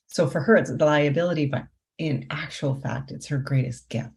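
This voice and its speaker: Low-voiced woman coach. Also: normal speed, a little mellow. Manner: reflective, asks rhetorical questions. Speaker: guest, life coach. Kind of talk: conversational interview.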